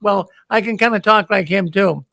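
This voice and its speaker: A man's voice: high-pitched, normal speed, creaky, bright, forceful tone, no echo. A man with a Boston accent hosting a call-in show, talking in a friendly, repetitive way with frequent stammering restarts. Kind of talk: casual call-in show chat.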